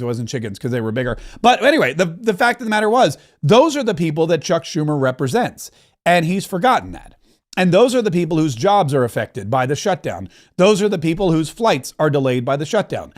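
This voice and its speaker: A middle-aged man hosting a political talk show, delivering an emphatic, rambling monologue and correcting himself as he goes. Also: high voice. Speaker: political commentary host.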